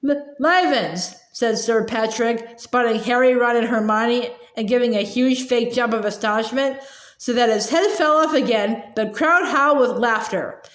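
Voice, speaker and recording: High-voiced woman reading a storybook. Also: moderate pace. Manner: slips and repeats words. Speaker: audiobook reader. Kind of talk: storybook read-aloud. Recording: echoey room.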